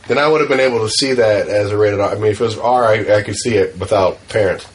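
A man's voice: on the low side, fast, background noise. A man co-hosting a casual podcast, teasing his friend with short, dry retorts. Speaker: podcast co-host. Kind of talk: casual chat.

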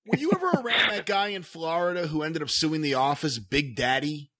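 A man with a fairly high, bright voice hosts a podcast interview. He asks eager, chatty questions and adds quick asides for his listeners. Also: animated. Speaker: podcast host.

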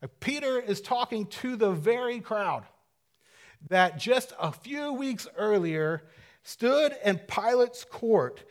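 This pastor's voice sits high and is expressive as he preaches in a conversational, dynamic style. He drops to a hush, then swells to loud emphasis, tossing in casual asides and correcting himself quickly.

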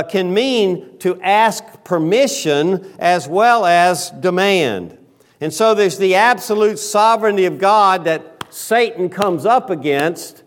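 A man delivers a sermon at an unhurried, measured pace, pausing often between phrases. His voice sits slightly higher than most men's. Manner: slow, deliberate preaching with frequent pauses; quiet, lowered voice in prayer. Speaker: pastor.

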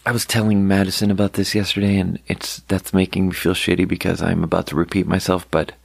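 Podcast host, young man, low voice, loose and candid, a bit profane, dry close mic. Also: level tone, quick pace, vocal fry, husky, no room sound. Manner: candid, swearing, storytelling with quoted voices. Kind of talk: casual rambling monologue.

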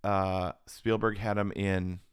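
A man's voice: low voice, flat delivery, slow, clear, resonant tone, dry recording, studio quality. A man co-hosting a podcast in easygoing casual chat, laughing easily. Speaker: podcast co-host.

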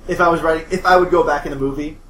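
A man hosting a podcast and game-mastering, recapping a session in a halting, rambling way with many restarts. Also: a little high, fairly even intonation, a bit bright, a little hiss or hum, rough recording. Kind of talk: casual podcast chat.

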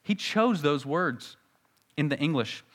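A man preaching a sermon as pastor, teaching earnestly and slowing down to recite scripture. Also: fairly high pitch, lively intonation, a bit bright.

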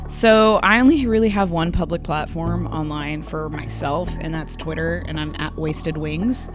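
A young woman guest at a comic convention, chatting in a rambling way with many fillers and laughs, her voice a little hoarse. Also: sits low, moderate pace, music in the background. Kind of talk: casual interview chat.

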